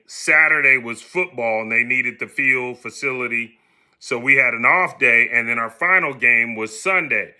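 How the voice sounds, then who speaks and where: A middle-aged man from the United States casually telling a personal story on his podcast, animated and acting out the voices of the people in it. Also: mid-range voice. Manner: animated, acts out quoted voices.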